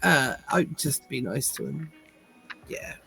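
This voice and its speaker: A woman's voice: a bass voice, slow pace, vocal fry, bright, forceful tone, breathy edge, soft background music, rough recording. A woman playing a tabletop game in character, chatty, cheeky and easily flustered. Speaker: player. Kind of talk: tabletop role-play in character.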